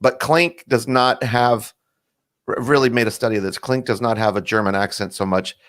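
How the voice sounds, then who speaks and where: A man's voice: mid-range voice, normal speed, fairly bright tone. A man co-hosting a comedy chat show, making dry, wry remarks. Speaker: comedian co-host.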